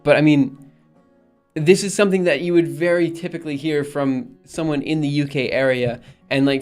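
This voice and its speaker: A man's voice: a little high, fairly even intonation, moderate pace, a little mellow, smooth, faint music behind. A young man rambling in casual live-stream chat, reading messages aloud and repeatedly insisting things are fine. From United States. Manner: rambling, reads chat aloud, exasperated but reassuring.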